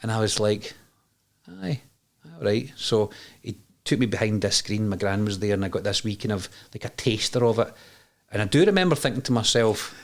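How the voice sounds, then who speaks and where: A Scottish man in his forties, a podcast guest telling his story candidly, animated and quick to laugh, with plenty of restarts and some swearing. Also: lowish voice.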